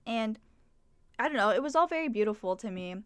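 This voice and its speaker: Young woman streamer, slightly high, smooth voice, dry close mic, loose chatty swearing. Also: expressive, a little fast, no echo. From Mexican heritage. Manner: chatty, swears casually, trails off. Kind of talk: casual livestream chat. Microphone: desk microphone.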